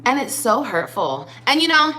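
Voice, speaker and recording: Woman, livestream rant, bright forceful voice, slightly high, mocking, profane. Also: sing-song, normal speed, slight background noise, poor audio. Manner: mocking, profane, swings into fake crying.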